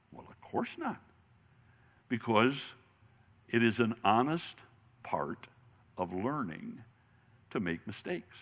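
Male Bible teacher, lively and bright-voiced, restarts and repeats words, long hall reverb. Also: mid-range voice. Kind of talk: sermon-style Bible lesson.

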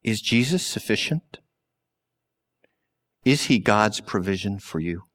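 Slow, deliberate male preacher. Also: on the low side, lively intonation. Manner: slow and deliberate, with long pauses and sudden drops to a hush. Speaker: pastor. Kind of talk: sermon.

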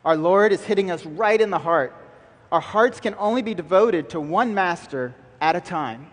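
A man's voice: high-pitched, lively intonation, moderate pace, long reverb tail. A man preaching a sermon as pastor, emphatic and building through repeated lines.

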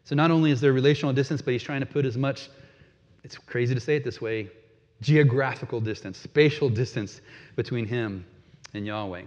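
A man preaching a sermon in a relaxed, conversational way, chuckling now and then and repeating words as he goes. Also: medium pitch, a little fast, big-room sound, muffled recording. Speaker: pastor.

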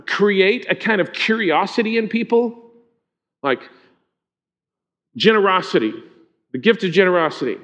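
A man with a fairly high voice gives an informal, conversational sermon as a pastor. He keeps turning to the congregation with quick questions. The recording sounds dull and lo-fi. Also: a bit bright.

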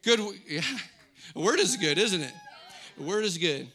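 A man's voice: sits high, lively intonation, normal speed, sharp tone. A middle-aged man preaching a sermon, declaring scripture lines with rising intensity and then teaching in a conversational way. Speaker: pastor.

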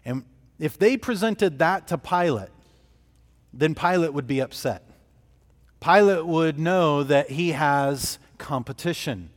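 A man's voice: fairly high pitch, animated, takes it slowly. A man preaching an expository sermon as pastor, earnest, often restarting his phrases as he thinks aloud. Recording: long hall reverb.

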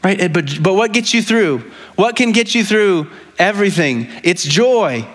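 Pastor, man, high voice, chatty earnest sermon delivery with frequent restarts. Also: animated, unhurried, fairly bright tone. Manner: conversational, frequently asks "right?"; speaks with rising emotion.

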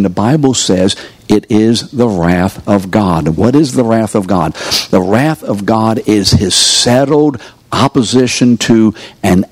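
A man's voice: on the low side, a little mellow, no room sound. A man preaching to a live audience in a room, pressing them with rhetorical questions and coaxing them to answer. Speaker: preacher teaching a course. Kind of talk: sermon.

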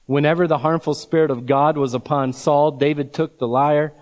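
A man preaching a sermon, slow and emphatic, drawing out key words and breaking into scripture readings with his own asides. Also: a little high, fairly even intonation, darkish tone, in a large hall. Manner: reads scripture aloud with asides. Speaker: pastor.

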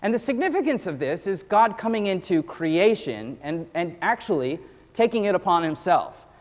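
A man's voice: high-pitched, big pitch swings, moderate pace. A male pastor giving a sermon in a conversational, joking storytelling manner. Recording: long hall reverb.

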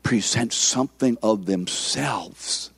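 A man's voice: lowish voice, slow, gravelly, fairly bright tone, husky, dry recording. A man preaching a sermon, emphatic and repetitive, often calling on the congregation for amens. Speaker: pastor.

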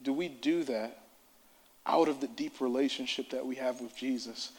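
A man's voice: medium pitch, normal speed, slight background noise. A man preaching a sermon in a church service, impassioned and repetitive.

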